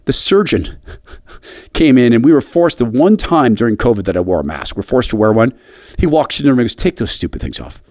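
A middle-aged man hosting a radio commentary, telling a personal story in an earnest, halting way with frequent restarts. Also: animated, darkish tone, no room sound, studio quality. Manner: earnest, halting, with restarts and a wide pitch swing.

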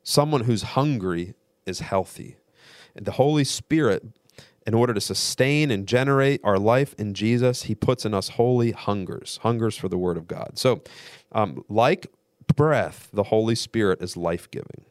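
A man guest-hosting a radio show, giving an earnest, measured theological teaching talk that builds through repetition. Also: fairly low pitch, no room sound, clean studio sound.

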